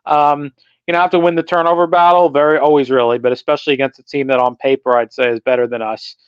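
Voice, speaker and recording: A man's voice: medium pitch, flat delivery, quick pace, smooth, no echo, highs cut off. A man co-hosting a casual sports podcast, blunt and opinionated, laughing as he rants. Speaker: podcast co-host.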